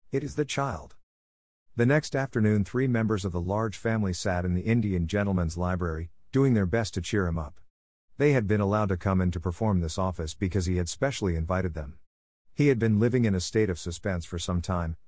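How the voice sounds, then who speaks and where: A man reading a classic storybook aloud in a calm, measured manner. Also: sits low, dry recording, clean studio sound. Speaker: narrator. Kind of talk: storybook narration.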